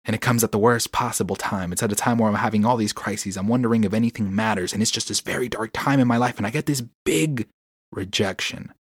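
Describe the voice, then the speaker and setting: Man, somewhat low voice, solo podcast host, candid and earnest, reflective, restarts sentences, dry close sound. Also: fast, slightly rough, dry recording. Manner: gives inspirational encouragement.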